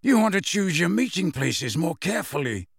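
Man voicing wry grown man, teasing, animated, storybook reading. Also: high voice, moderate pace, gravelly, husky, dry recording, studio quality, voice pushed up, heavily acted. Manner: teasing, self-assured.

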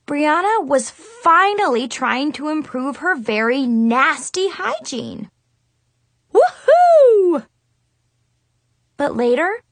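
Expressive woman narrating a kids' diary story. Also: high voice, dry recording. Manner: dramatic, exasperated, expressive. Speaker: audiobook narrator. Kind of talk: first-person storybook narration as a teen girl.

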